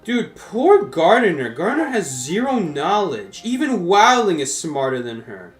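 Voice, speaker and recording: A man's voice: sits high, wildly swooping pitch, unhurried, echoey room, faint music behind. A man chatting casually on a game live stream, laid-back and laughing often as he talks to viewers. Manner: laid-back, laughs often, calls chat "brother" and "dude".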